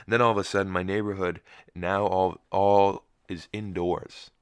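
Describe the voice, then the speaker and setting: A man's voice: low voice, little pitch movement, moderate pace, clean tone, no echo. A young man hosting a solo podcast, groggy and just woken up with a cracking voice, telling a rambling story with wry asides. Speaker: podcast host.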